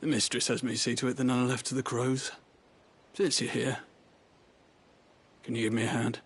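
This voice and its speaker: World-weary gravedigger, gravelly and flat, faint rumble behind. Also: male voice, moderate pace. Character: weary older gravedigger, a servant who buries the dead. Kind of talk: video game voice acting.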